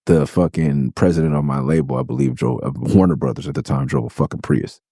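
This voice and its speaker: A middle-aged man from California hosting a podcast, telling stories in a profane, animated, heated way. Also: a bass voice, fairly quick, creaky, no echo, studio quality. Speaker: podcast host. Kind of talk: casual storytelling monologue.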